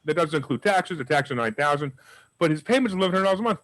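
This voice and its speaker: A man teaching a live real estate investing class and taking questions, telling deals as lively, emphatic stories. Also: a little high, rapid-fire, no room sound, rough recording. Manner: energetic, emphatic storyteller.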